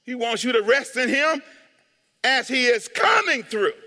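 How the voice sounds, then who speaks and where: A male pastor delivers a sermon, calling for responses from the congregation. His voice is high, bright and swings widely in pitch. A long reverb from the church sanctuary follows his words. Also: unhurried. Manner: animated call-and-response preaching.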